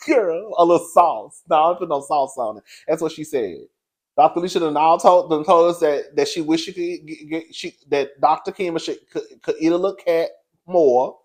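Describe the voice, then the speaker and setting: A man giving casual commentary on a reality show, sassy and frank, laughing often, with big swoops in pitch. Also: expressive, moderate pace. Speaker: reality TV reviewer.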